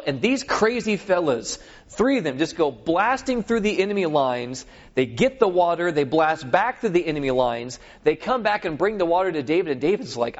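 A man preaching a sermon, telling scripture stories with animated retellings and checking in with his listeners. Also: a little high, fairly quick. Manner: animated storytelling, acts out scripture scenes; asks the audience for agreement. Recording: dull lo-fi recording.

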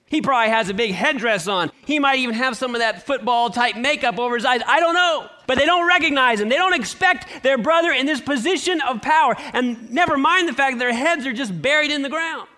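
A man preaching a sermon, telling a scripture story with expressive shifts and rhetorical questions. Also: high voice. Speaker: pastor.

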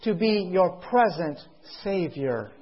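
A man preaching a sermon to a congregation in a meeting. He speaks in slow, emphatic phrases, draws out key words, and keeps asking his listeners rhetorical questions. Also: sits high, animated, slightly rough. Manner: asks the audience rhetorical questions. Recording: dull lo-fi recording.

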